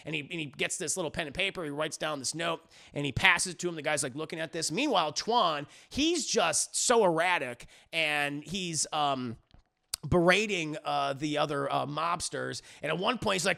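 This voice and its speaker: A man's voice: fairly high pitch, animated, moderate pace, vocal fry, sharp tone. A man recapping a music series for his live chat in a casual, profane, rambling way, acting out the characters' lines as he goes. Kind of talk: animated casual recap with acted-out quotes.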